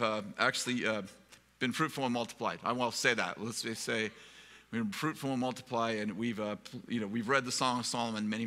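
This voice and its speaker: A pastor telling a humorous, rambling personal story in a live sermon, with self-deprecating jokes. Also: male voice, medium pitch, pushed and bright, in a large hall. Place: live event hall.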